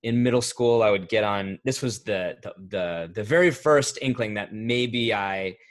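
A man in his thirties talking casually as an interview guest, rambling and correcting himself, getting animated when he tells a story. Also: lowish voice, a little slow. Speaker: voice actor guest. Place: home recording setup, remote interview.

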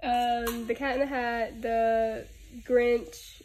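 A woman's voice: fairly high pitch, little pitch movement, very slow, slight background noise, low-quality recording. A young woman, a friend of the vlogger, talking shyly and reluctant to be filmed. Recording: loud music and crowd at bowling alley.

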